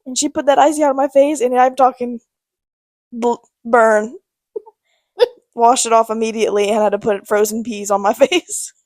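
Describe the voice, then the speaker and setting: A woman's voice: a little high, steady tone, fairly quick, a little mellow, no room sound. A woman co-hosting a podcast, telling childhood stories in a chatty, playful way and laughing often. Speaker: podcast co-host. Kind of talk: casual chat.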